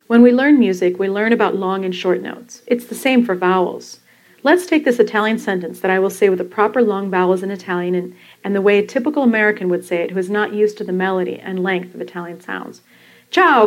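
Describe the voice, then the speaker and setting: A woman and podcast host reading from her own book, explaining language learning in a calm, instructive way. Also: mid-range voice, poor audio. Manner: calm, instructive, demonstrating pronunciation.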